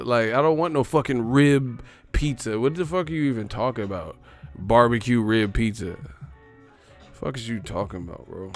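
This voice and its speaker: A man hosting a livestream, reading super chats and ranting in a casual comedic way, profane and animated, laughing often. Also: mid-range voice, normal speed, no room sound, soft background music.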